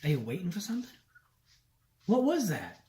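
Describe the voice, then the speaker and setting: A man's voice: sits high, wildly swooping pitch, normal speed, mellow. A man vlogging at a home countertop, coaxing and chatting to a little robot as if it were a pet. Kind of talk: casual vlog, talking to a toy robot.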